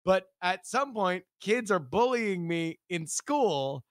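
A man telling a childhood story in casual comedic chat, building it up slowly and hesitantly. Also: high-pitched, expressive, no room sound, studio quality.

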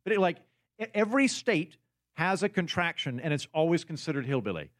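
Lively chatty man, stammering restarts. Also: fairly high pitch, fairly quick. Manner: rambling, stammering restarts, laughs often. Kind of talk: casual podcast chat.

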